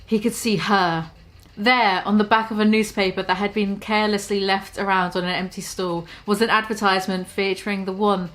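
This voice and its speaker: A woman reads her own comic story aloud at a middle pitch, in an easy, casual delivery. She trips over words now and then and mocks her own writing as she goes. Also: fairly even intonation, normal speed, fairly bright tone. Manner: stumbling, self-deprecating, laughs at her own writing.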